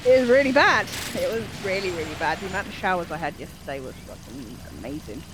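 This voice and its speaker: A woman's voice: fairly low pitch, lively intonation, fast, noisy background. A woman chatting with friends over voice chat, telling rambling stories about her day. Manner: chatty, rambling storytelling with frequent restarts and laughs. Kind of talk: casual chat.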